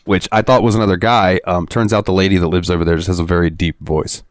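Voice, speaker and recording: Low-voiced man telling a rambling story. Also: fairly even intonation, fast talker, no room sound, studio quality. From Florida. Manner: rambling, laughing, swearing freely. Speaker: podcast co-host. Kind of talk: casual storytelling chat.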